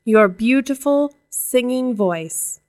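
A woman reading a storybook aloud and voicing a cunning old sea witch who speaks slowly and knowingly. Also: fairly high pitch, lively intonation, a little mellow, no room sound, studio quality. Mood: sly.

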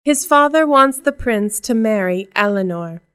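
A woman narrating a storybook aloud in a calm, measured way. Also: on the high side, clear, resonant tone.

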